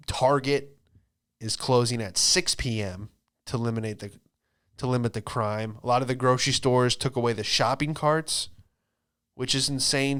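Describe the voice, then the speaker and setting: A man hosting a podcast, doing a loose, profane comedic monologue and slipping into quick put-on voices. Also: mid-range voice, fairly bright tone, smooth. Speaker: podcast host, stand-up comedian.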